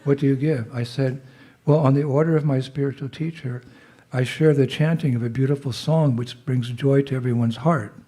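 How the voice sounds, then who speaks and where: A man's voice: mid-range voice, steady tone, normal speed, warm tone. A man with a cold, speaking as a visiting monk, telling a chatty story to a temple gathering and leading call-and-response cheers. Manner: chatty storyteller with laughs, calls out jai responses. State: has a cold, clearing his throat. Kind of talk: informal talk to a temple gathering.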